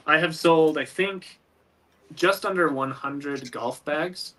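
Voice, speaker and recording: A man's voice: a little high, slow, sharp tone. A man guest in a casual podcast chat, giving friendly, practical selling advice.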